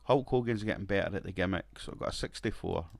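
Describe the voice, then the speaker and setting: A man's voice: low-pitched, quick pace, creaky, no echo. A man casually commenting on his wrestling management game, rambling, swearing and laughing now and then. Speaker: gaming video creator.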